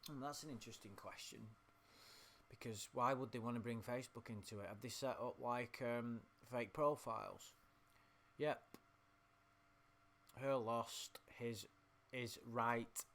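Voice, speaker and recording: A man's voice: medium pitch, steady tone, unhurried, fairly bright tone. An English man reading out chat logs and ranting in a sweary, mocking, rambling way. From England. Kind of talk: casual reading and ranting commentary.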